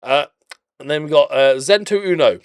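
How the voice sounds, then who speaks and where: A man's voice: fairly high pitch, moderate pace, clean tone, no room sound, studio quality. A man casually commentating on his own game footage, chatty and jokey, rambling off into blunt little rants. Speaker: game channel host.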